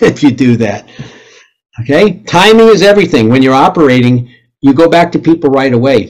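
A middle-aged man giving a lively talk to a club audience, blunt and joking, with sudden loud outbursts when he acts out radio calls. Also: medium pitch, low-quality recording. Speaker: club presenter.

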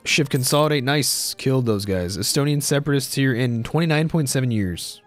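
A young man gives casual let's-play commentary on a strategy game, thinking aloud, repeating himself and saying "dude." His medium-pitched voice runs a little fast over faint background music.

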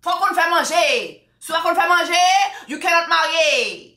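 A woman's voice: extremely high pitch, animated, moderate pace, pushed and bright, reverberant, voice pushed up, full character voice. A woman voicing a strict middle-aged Haitian mother with a Haitian Creole accent, interrogating and demanding.

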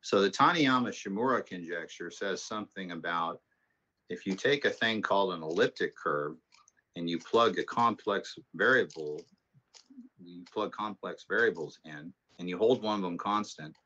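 At normal speed, a very deep-voiced math instructor chats conversationally, telling rambling stories before he moves into the lecture. Muffled, lo-fi sound suggests an online class recording.

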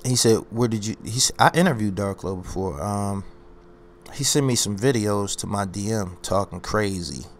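A YouTube commentary host rants on his own channel, boastful and confrontational, hammering his points by repeating phrases. His voice is lowish at a normal speed, with slight background noise.

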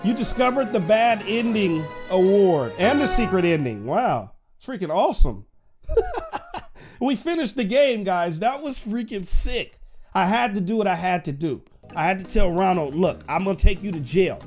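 A man hosting excited gameplay commentary, talking to his viewers and shouting when the action peaks. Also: high-pitched, moderate pace, soft background music. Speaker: gaming host.

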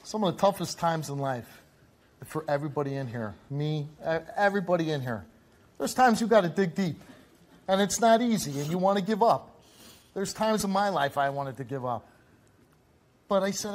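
A man hosting a confrontational talk show on a studio stage, lecturing guests with forceful repetition. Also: a little high, expressive, moderate pace. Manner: intense, forceful, repeats phrases for emphasis.

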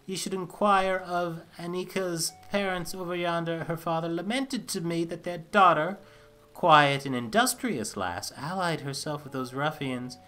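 A man's voice: a little high, unhurried, pushed and bright, pitched above the performer's own voice. A man voicing a wandering medieval free man in a video game, speaking in old-fashioned formal phrases. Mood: lamenting.

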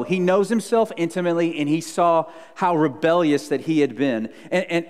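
A male pastor preaching a sermon, earnest, moving between loud emphasis and hushed low tones. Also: normal speed, hardly any pauses, big-room sound. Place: church sanctuary.

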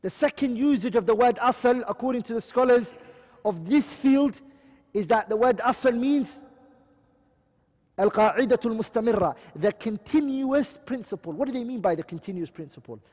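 Male teacher, high voice, lectures and quizzes students, reverberant hall sound. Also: moderate pace, darkish tone. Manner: explains terms and keeps asking the class questions. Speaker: Islamic studies teacher. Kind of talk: classroom lecture.

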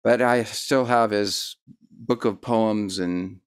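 Man, interview host, lowish voice, rambling, self-deprecating, lots of ums. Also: steady tone, slow pace, clean tone. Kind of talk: casual interview chat.

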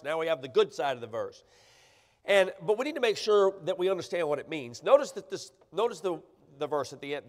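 High-voiced preacher in a reverberant church. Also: male voice. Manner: emphatic, often checks in with the congregation. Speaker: pastor. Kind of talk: sermon. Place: church sanctuary. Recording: church livestream with long hall reverb.

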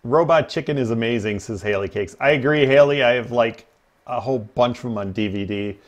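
During a casual gaming stream, a man hosting the livestream rambles with plenty of ums and laughs at his own stories. He speaks briskly at a medium pitch.

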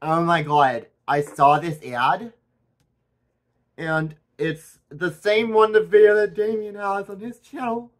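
A man doing a gushing, excitable young woman. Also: high voice, slow pace, pitched above the performer's own voice.

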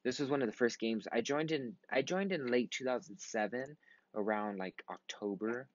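A man's voice: mid-range voice, normal speed, no room sound, highs cut off. A tired young man in his twenties giving rambling, casual commentary while playing a computer game, swearing often and breaking into sudden outbursts. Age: 20s. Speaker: gaming vlogger.

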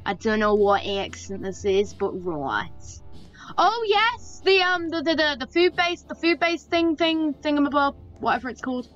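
A woman with a British accent, chatting excitably and giggling as she plays an online game with a friend. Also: high-pitched, moderate pace, hardly any pauses. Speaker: gamer. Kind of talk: casual gameplay chat. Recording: lo-fi voice chat with faint game music.

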